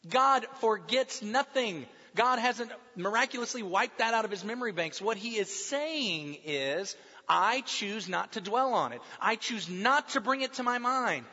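A man preaching a sermon as pastor, emphatic, dropping soft and slow when he quotes. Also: sits high, expressive, big-room sound, lo-fi sound.

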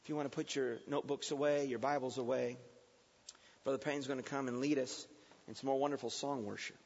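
A man preaching a sermon, swinging from low, quiet stretches up to loud, emphatic peaks. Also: steady tone, fairly quick, husky. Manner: rising to emphatic near-shouts, then dropping low. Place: church sanctuary. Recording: dull recording in a long-echo church hall.

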